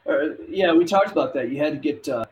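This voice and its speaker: A man's voice: on the high side, a little fast, muffled recording, a crowd in the background. A man as a guest on a casual talk stream, laid-back and laughing, saying "dude" often. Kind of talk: casual chat.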